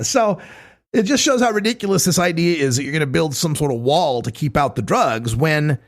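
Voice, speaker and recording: A man's voice: on the high side, fairly bright tone. A man hosting a talk radio show, chatting casually and joking, slipping into impressions. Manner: joking, slips into put-on impressions.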